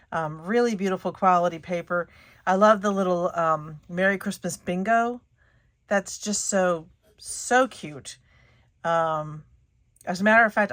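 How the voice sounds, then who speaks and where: A woman's voice: medium pitch, a bit bright. A woman hosting her craft channel, chatting casually and giggling through a paper haul with lots of fillers. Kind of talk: casual haul video chat.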